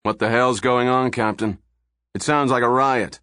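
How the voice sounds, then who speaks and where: A man voicing a gruff, blunt male police commissioner. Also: medium pitch, moderate pace, a bit bright, no room sound, clean studio sound, close to an everyday voice. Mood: alarmed.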